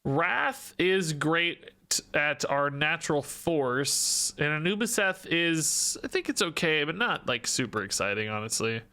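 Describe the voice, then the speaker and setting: Bright, clear-voiced male game streamer. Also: fairly high pitch, lively intonation, measured pace. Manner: thinking aloud, self-questioning, joking. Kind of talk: live-stream gameplay commentary.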